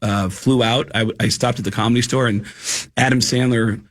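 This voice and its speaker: A man, a guest comedian, telling animated stories in casual chat on a radio podcast. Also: mid-range voice, moderate pace. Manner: animated storyteller, doing voices in anecdotes.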